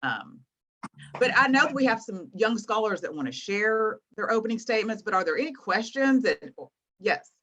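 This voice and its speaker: A woman in her thirties, a guest teacher, explaining things to students in an encouraging, animated way over a video call. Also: mid-range voice, normal speed, muffled recording. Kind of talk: online class teaching.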